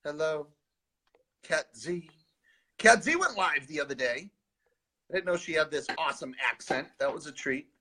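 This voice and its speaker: A man co-hosts a live spiritual stream in a sarcastic, rambling chat. His voice sits high and jumps around a lot. It is bright, with a husky edge. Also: expressive, normal speed, pauses often. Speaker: co-host of a live spiritual advice show.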